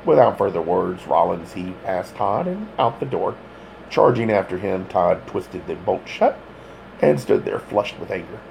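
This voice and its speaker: A man reading a thriller audiobook with dramatic, expressive narration. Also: deep voice, measured pace, gravelly, a little hiss or hum.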